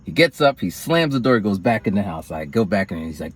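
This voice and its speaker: A man's voice: lowish voice, fast, hardly any pauses, breathy edge. A man telling a personal story in a rambling vlog, acting out other people's lines with big swings of voice. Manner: rambling, animated, acts out quoted lines in raised voices. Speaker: vlogger.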